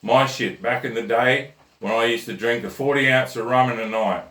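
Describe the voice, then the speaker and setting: A man's voice: medium pitch, steady tone, moderate pace, pushed and bright. A blunt man hosts a comic rant and tells a crude joke in a loose, chatty way. His voice sits in the middle range, and it comes from a distance in an echoey room. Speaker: host. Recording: roomy echo, mic at a distance.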